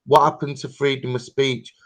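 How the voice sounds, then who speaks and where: A man with a mid-pitched voice speaks on a live-stream panel. He insists on being heard and reads chat comments aloud. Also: little pitch movement, moderate pace.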